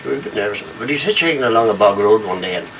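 A man's voice: on the low side, animated, racing. An older man, a retired variety singer, rambling through memories and jokes and acting out the voices. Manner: rambling storyteller who acts out voices in jokes. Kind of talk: casual reminiscing and joke telling. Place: home trailer. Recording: distant home recording with light noise.

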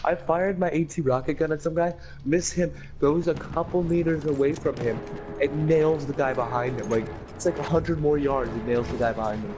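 A young man chatting excitedly about his match while playing with a friend. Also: a little high, normal speed, background noise. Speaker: gamer. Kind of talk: casual gaming chat.

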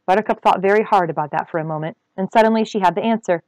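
A woman reading a novel aloud with expressive, dramatic storytelling. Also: medium pitch, rapid-fire, no echo, low-quality recording.

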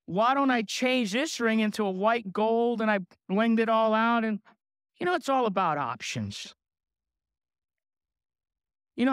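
A middle-aged man giving a motivational sales seminar, boastful and energetic, throwing questions to the crowd. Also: very high voice, clean tone, no echo, studio quality. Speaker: sales trainer. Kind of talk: motivational seminar talk to an audience.

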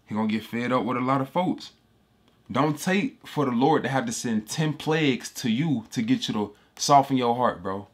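A man's voice: medium pitch, moderate pace. A man giving casual, emphatic scripture commentary, repeating himself and calling listeners bro. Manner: emphatic and repetitive, slangy street talk, addresses listeners as bro. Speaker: Bible teacher.

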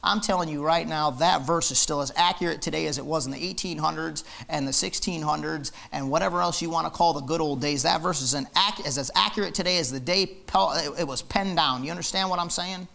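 A man's voice: a little high, a little fast, gravelly, hardly any pauses, sharp tone. A man preaching a fiery, emphatic sermon in church, hammering his points with repetition. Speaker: pastor.

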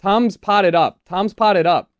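A woman's voice: mid-range voice, dry recording. A woman chatting casually while playing a game, anxious and giving orders to her teammate. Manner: anxious, bossy, quick to give orders. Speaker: gamer. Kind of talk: casual gameplay chat.

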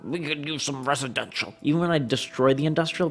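A man's voice: medium pitch, fairly quick, few pauses, faint music behind. A man casually thinking aloud while commenting on a city-building game, unsure of himself and talking to his viewers. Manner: rambling, thinking aloud, self-doubting; talks to the viewers. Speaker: let's play commentator.

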